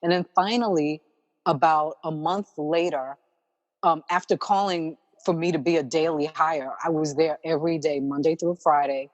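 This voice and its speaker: A woman with a New York accent, a makeup artist guest, telling her story in a warm, chatty way. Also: sits low, fairly even intonation, normal speed, in a large hall, highs cut off. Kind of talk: casual storytelling interview.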